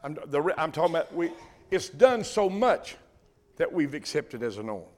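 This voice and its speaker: An older man, preaching a sermon with impassioned bursts of loudness on key words. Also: on the high side, big pitch swings, normal speed. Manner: impassioned preaching, swells loud on emphasis. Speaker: pastor.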